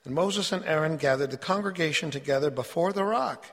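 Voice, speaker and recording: Guy preaching a sermon, kinda high voice, earnest and emphatic, lots of echo around him. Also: fairly quick. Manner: earnest, emphatic, reads scripture aloud.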